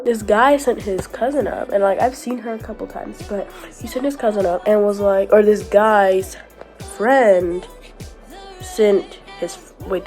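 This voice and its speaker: A woman's voice: medium pitch, a little mellow. A young woman vlogging casually about her week, filling her talk with "like", with a scratchy sore throat and a cough, over faint music. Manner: chatty, fills speech with "like", laughs often. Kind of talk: casual storytelling vlog.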